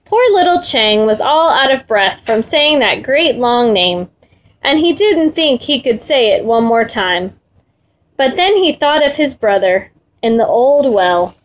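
A woman reading a children's story aloud in a gentle, rhythmic way, repeating phrases. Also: high-pitched.

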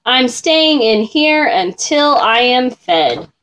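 A woman's voice: a little high, big pitch swings, slow, fairly bright tone, full character voice. A woman voicing a sleepy, stubborn male groundhog in a storybook, lazy and cozy in manner.

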